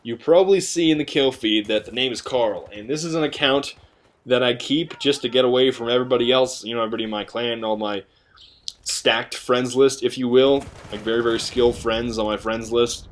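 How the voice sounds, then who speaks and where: A man's voice: mid-range voice, brisk. A young man giving casual, joking gameplay commentary with rambling, chatty asides. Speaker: gaming video commentator.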